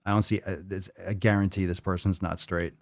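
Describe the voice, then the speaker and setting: A man's voice: low voice, flat delivery, brisk, no echo, clean studio sound. A man hosting a podcast in casual chat, reading posts aloud and rebutting them in a blunt, profane, mocking way. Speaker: podcast host.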